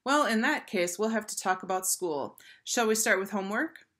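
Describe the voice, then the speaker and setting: A woman reading aloud and voicing a kind, patient school counselor who speaks gently and encouragingly. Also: medium pitch, animated, moderate pace, voice pushed up, natural voice. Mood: gentle.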